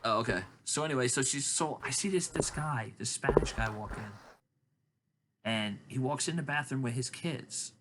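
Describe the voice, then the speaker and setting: A man telling long rambling stories in casual chat, acting out other people's lines in high voices. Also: normal speed, noisy background. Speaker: podcast host.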